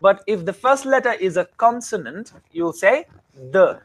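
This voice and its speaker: High-voiced male grammar teacher. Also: expressive, a little slow. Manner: keeps checking understanding with questions. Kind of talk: classroom grammar lesson.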